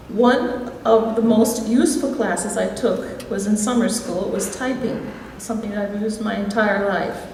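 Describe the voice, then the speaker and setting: A woman from Wisconsin with a Midwestern accent giving a reflective, gently humorous award speech as an alumni inductee. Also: medium pitch, slight background noise. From Wisconsin, USA. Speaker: alumni hall of fame inductee. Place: large school hall. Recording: echoey hall, voice from far off.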